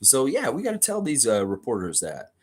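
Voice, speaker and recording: A man's voice: mid-range voice, wildly swooping pitch, fairly quick, darkish tone, breathy edge. A man hosting a casual basketball fan livestream, reading viewer comments aloud and acting out the people he quotes. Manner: talkative, acts out quoted people. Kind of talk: casual sports talk reacting to chat.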